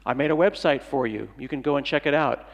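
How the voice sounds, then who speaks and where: A man's voice: mid-range voice, fast, vocal fry. A middle-aged man giving a comedic keynote talk at a conference, playful and jokey, acting out little dialogues. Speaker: conference speaker. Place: large conference hall. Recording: long hall reverb.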